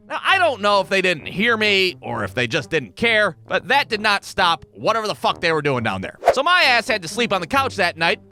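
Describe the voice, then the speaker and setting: A man narrating a comedic cartoon story in a profane, animated way. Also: high voice.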